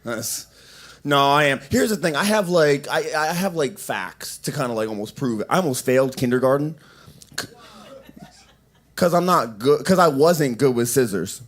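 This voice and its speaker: A man's voice: mid-range voice, lively intonation, moderate pace. A young man doing open mic stand-up in a coffee shop, rambling with lots of restarts and fillers. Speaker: stand-up comedian.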